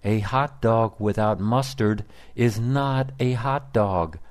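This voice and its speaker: A man voicing an angry male prisoner who yells and insists on his demand. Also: fairly low pitch, slow pace. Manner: yelling, insistent.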